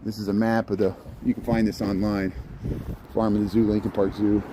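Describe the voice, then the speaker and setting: A man's voice: flat delivery, a little fast, dark tone, slight background noise. A middle-aged man, chatting casually as he films a walking tour of a city zoo farm outdoors in winter on a handheld phone. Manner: chatty, rambling, talks to the animals in a high playful voice. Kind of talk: casual walking vlog narration.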